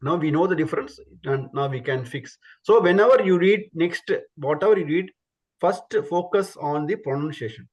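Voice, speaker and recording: Guy teaching sounds online, higher voice, repeats each syllable patiently. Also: animated, normal speed, a little mellow, rough recording. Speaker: Sanskrit pronunciation teacher. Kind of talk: online class instruction.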